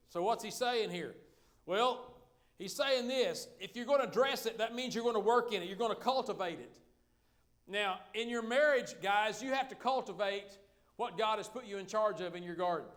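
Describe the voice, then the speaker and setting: A man's voice: high voice, normal speed, fairly bright tone. A middle-aged man preaching a sermon as pastor, folksy and joking with the congregation.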